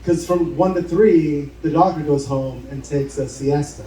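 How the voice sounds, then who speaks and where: A man with a somewhat high but dark-toned voice speaks a little slowly, telling a sweary, casual story at a bar show while playing its characters. A faint hiss or hum is present, the room echoes, the mic is distant, and the audience cheers and laughs.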